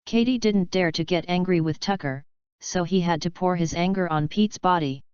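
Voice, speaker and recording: A woman narrates a story audiobook in an even, matter-of-fact way. Her voice is a little low and very clear. The recording is dry and close, with a dull, lo-fi tone. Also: moderate pace, dry recording.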